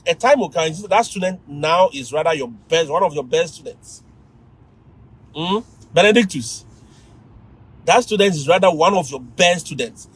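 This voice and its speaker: A man with a Ghanaian accent, a teacher giving lively advice to fellow teachers on a livestream, often laughing and mimicking students. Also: a little high, breathy edge, rough recording.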